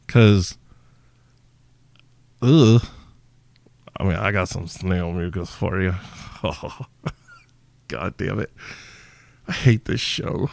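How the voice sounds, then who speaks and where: A man's voice: sits low, drawn-out words, gravelly, long pauses, a little mellow, no room sound. A man hosting a podcast, answering listener questions in a crude, brash, joking monologue. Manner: profane, brash, mock-seductive. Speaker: podcast host.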